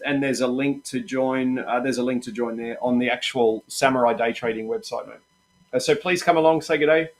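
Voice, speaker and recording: A middle-aged Australian man hosts a live trading-room stream, relaxed and chatty, constantly encouraging viewers and calling them mate and guys. His pitch is average for a man.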